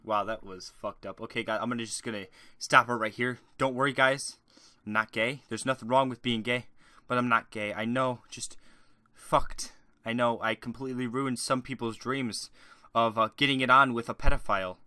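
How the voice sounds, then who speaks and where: Young male YouTuber, crude rambling monologue, bright voice, dry close mic. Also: medium pitch, fairly even intonation, moderate pace, no echo. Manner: crude, rambling, shifts between shouting rants and mumbling. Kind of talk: joke Q&A monologue.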